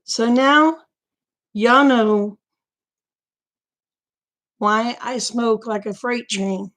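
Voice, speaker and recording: A woman's voice: on the high side, very slow, a bit bright. A middle-aged woman, chatting frankly and folksily to her viewers, laughing often. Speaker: vlogger. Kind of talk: casual livestream chat.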